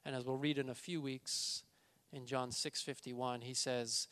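A man preaching a sermon, emphatic, slowing down and stressing key words. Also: medium pitch, flat delivery, fairly bright tone, clear, resonant tone. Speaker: pastor.

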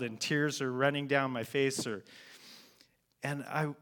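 Slow, bright-voiced man preaching earnestly. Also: medium pitch, fairly even intonation. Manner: earnest, heartfelt, slow and deliberate. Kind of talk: sermon with personal storytelling.

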